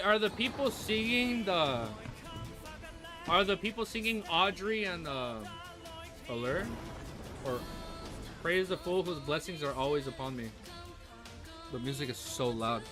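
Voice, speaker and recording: A man hosting a livestream reaction, chatting excitedly with viewers and his puppy. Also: a little high, a little slow, long pauses, over music. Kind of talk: casual livestream reaction chat.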